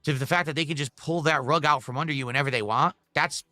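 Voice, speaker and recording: A man rants indignantly on his live stream. His voice is bright and sharp and sits a bit high. The recording is dry. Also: fast talker, dry recording. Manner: indignant ranting.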